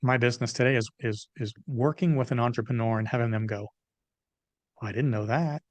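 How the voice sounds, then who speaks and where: A middle-aged man tells emphatic, animated stories as an interview guest. His voice sits in an ordinary middle pitch. The recording is close and dry with no room sound. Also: brisk, dry recording. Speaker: business consultant guest. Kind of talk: interview storytelling.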